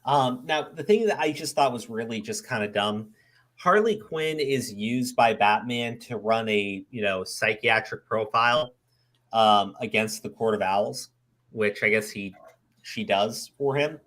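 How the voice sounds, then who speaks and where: A man's voice: fairly low pitch, a little slow, fairly bright tone. A man hosting a podcast in casual chat, rambling and often restarting his sentences, with frequent casual swearing. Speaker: podcast host.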